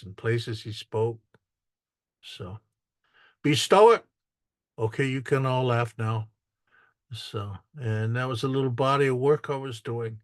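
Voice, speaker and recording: A man's voice: medium pitch, dry recording. An older man giving a casual artist talk, telling stories, repeating words and joking with the audience.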